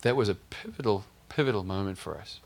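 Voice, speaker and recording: A man preaching a sermon through a personal story, lively, acting out the dialogue in a raised voice. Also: lowish voice, a little fast, gravelly. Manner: animated, acts out dialogue in a raised voice.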